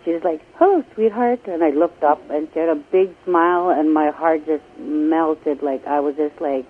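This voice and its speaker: A woman calling in to a radio show, telling a personal story in a halting, emotional way with many restarts. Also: deep voice, level tone, a little hiss or hum. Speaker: radio caller. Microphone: telephone. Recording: tinny phone line.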